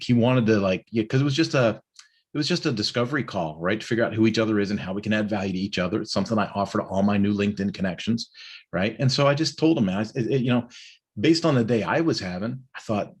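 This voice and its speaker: A man's voice: on the low side, darkish tone, husky. A middle-aged man casually talking through his day in a rambling morning check-in, with lots of fillers and tag questions. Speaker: host of a morning check-in live stream. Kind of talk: casual personal monologue.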